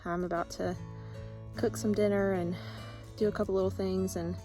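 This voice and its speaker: A woman's voice: mid-range voice, little pitch movement, normal speed, music in the background, rough recording. A woman chatting casually in a trail vlog, upbeat and full of fillers, recorded outdoors on a phone. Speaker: thru-hiker vlogger.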